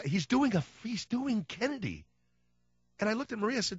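Sarcastic and ranting, a male radio talk host tears through a comic monologue, very animated and brisk, his pitch leaping around wildly. His tone is fairly bright with a breathy edge, while the recording itself is dry, slightly dull, and roomless.

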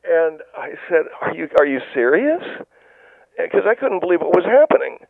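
A man playing a whiny, gravelly mask-refusing caller. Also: a little high, big pitch swings, moderate pace, no echo. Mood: indignant. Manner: rambling, stammering restarts, whiny disbelief. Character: indignant middle-aged male caller who refuses masks. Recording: tinny phone line.

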